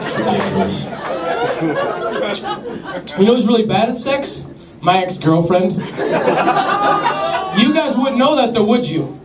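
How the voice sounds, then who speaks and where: A young man with a fairly high voice delivers a stand-up set in a deadpan, awkward, self-deprecating way. He is recorded from far off in an echoey club, with a loud, laughing crowd and heavy background noise. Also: unhurried, long pauses. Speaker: stand-up comedian.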